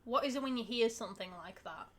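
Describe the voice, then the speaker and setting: A woman's voice: on the high side, quick pace, a bit bright. A woman with a Yorkshire accent, talking casually on a podcast, chatty and laughing often, with the odd swear word. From Yorkshire, England. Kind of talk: casual chat.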